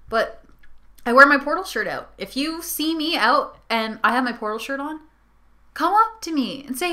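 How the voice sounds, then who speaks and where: Young woman vlogger, high bright voice, rambling giggly rant, tired. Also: sing-song, normal speed. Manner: rambling, giggly, sarcastic asides. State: tired from no sleep. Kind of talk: casual rant to camera. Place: her bedroom.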